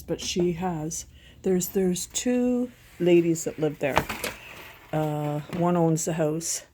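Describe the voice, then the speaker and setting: A middle-aged woman talks casually at home, rambling from one thing to the next with a sentimental streak. Her voice sits a little low and sounds mellow and soft-edged. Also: a little hiss or hum. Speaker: vlogger. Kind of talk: casual chat.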